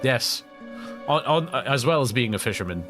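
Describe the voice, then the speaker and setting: A man's voice: medium pitch, lively intonation, moderate pace, over music. A Scottish man streaming a game live, telling rambling, chatty stories with frequent laughs. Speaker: gaming streamer. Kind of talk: live let's-play commentary.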